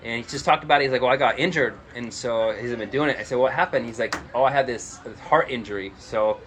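A man's voice: medium pitch, fast, fairly bright tone, a little hiss or hum. A man preaching a sermon, telling stories casually with many "like" fillers and raising his voice for quoted lines. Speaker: pastor.

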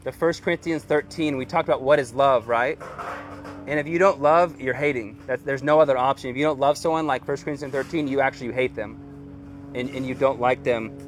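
A man's voice: mid-range voice, fairly even intonation, fairly quick, soft background music. A man preaching a sermon as pastor, earnest and conversational, with casual slang.

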